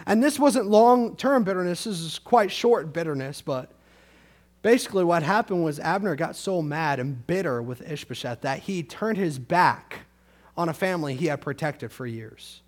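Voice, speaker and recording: A man with a high-pitched voice preaches a sermon, moving between solemn scripture reading and casual retelling. He swings from quiet, low passages to loud, emphatic peaks, filling his retelling with everyday fillers. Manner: conversational paraphrase of scripture with fillers.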